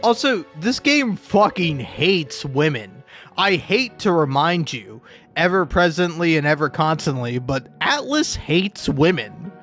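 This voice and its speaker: A man's voice: on the high side, sing-song, a little slow, fairly bright tone. Young male gameplay commentator: sarcastic, rambling, stammering, light game music underneath.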